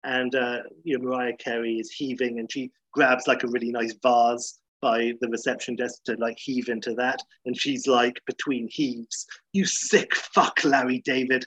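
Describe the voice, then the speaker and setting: A man's voice: medium pitch, level tone, moderate pace, hardly any pauses, a bit bright, breathy edge, no echo, low-quality recording. A man casually retelling a comedy episode, chatty and full of fillers. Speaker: comedy recapper.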